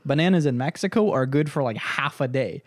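A man telling stories on a casual podcast, animated and crude, breaking into laughter often. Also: mid-range voice, fairly quick, dry recording, studio quality. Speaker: podcast co-host. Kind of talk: casual storytelling chat.

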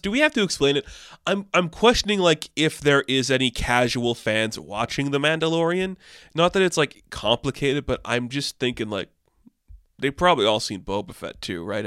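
A young man riffs through entertainment news in a casual, animated way, his tone swinging between deadpan sarcasm and sudden excited highs. His voice is smooth and resonant at a middle pitch. The sound is dry and close, with no room around it. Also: moderate pace, no echo. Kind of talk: casual commentary.

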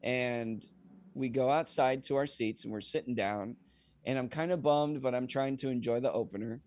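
A young man, a singer-songwriter guest on a podcast, telling a casual anecdote in an animated way and acting out the dialogue. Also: medium pitch, normal speed, dry recording. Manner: animated, acts out quoted dialogue.

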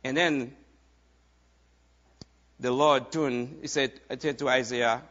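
A man preaching a sermon, repeating key phrases in a steady preaching cadence. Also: mid-range voice, takes it slowly. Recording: dull lo-fi recording.

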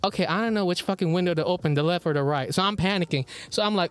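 Male podcast co-host, high-pitched, animated casual storyteller, salty language. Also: rapid-fire, soft background music. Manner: animated, swears freely, laughs often. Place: indoor recording with co-host beside him.

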